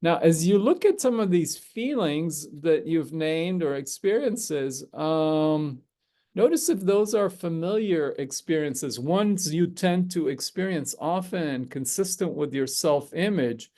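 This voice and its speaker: A middle-aged man hosting a spiritual gathering, giving a calm, measured teaching talk to a group with frequent pauses and fillers. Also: a little high.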